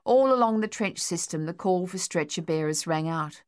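Narrating an audiobook in a calm, measured manner, a lowish-voiced woman is captured up close with no room sound, as if in a treated studio booth.

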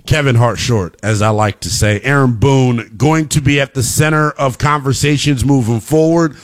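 A man hosting a sports talk radio show, delivering an emphatic monologue that rises to shouting at its peaks. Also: mid-range voice, moderate pace.

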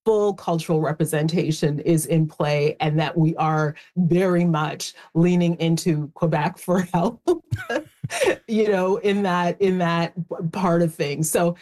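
A woman's voice: on the low side, fairly even intonation, unhurried, mellow. A woman talking on a panel in a chatty way, often saying "you know". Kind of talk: panel discussion.

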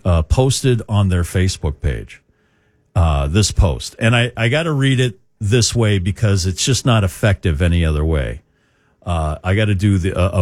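In a radio studio, a man hosts morning rock radio, speaking into a studio microphone in a rambling, opinionated way with lots of fillers. His radio talk comes in a low-pitched, slightly mellow voice with no room sound.

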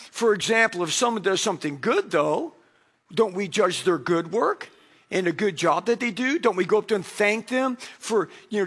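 A man's voice: sits high, fairly bright tone. A middle-aged male pastor preaching a sermon, telling stories and acting out quoted voices with animation.

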